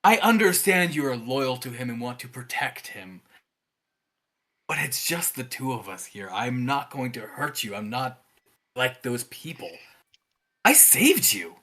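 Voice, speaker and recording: A woman putting on a deep, coaxing stranger. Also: expressive, a little slow, a bit bright, heavily acted. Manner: soothing, coaxing.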